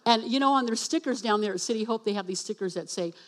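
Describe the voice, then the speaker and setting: A woman giving a personal testimony in church as a speaker and worship leader. She acts out the dialogue and spells words out slowly for emphasis. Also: fairly high pitch. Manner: animated storytelling that acts out dialogue.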